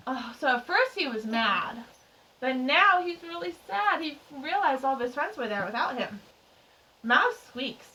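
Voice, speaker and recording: A woman teacher reading a picture book aloud to young children, expressive and chatty with little asides. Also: fairly high pitch, measured pace, a little hiss or hum. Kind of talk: children's storytime read-aloud. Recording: distant mic.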